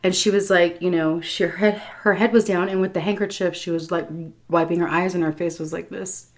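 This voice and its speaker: Animated swearing woman telling stories. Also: lowish voice, brisk. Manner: animated, swearing, laughs through the story. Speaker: food vlogger. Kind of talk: story time while eating.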